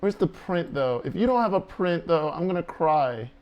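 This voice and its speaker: A man's voice: fairly high pitch, expressive, normal speed, a little mellow, smooth. A man talking to himself while coding on a stream, laughing, swearing and cooing to his dog. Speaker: programmer streaming a coding speedrun. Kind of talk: casual self-talk while coding.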